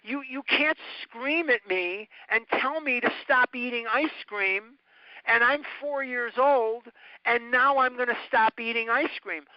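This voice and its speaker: A man's voice: extremely high pitch, a little slow, no echo. Earnest man on a phone call. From north side of Chicago. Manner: earnest, repetitive, emphatic teaching. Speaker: recovery study leader. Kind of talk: talk to a recovery study group. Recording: dull, dry phone-call audio.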